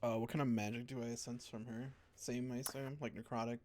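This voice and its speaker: A man playing a tabletop game, quick and joking in his remarks. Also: mid-range voice, flat delivery, darkish tone. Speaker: player.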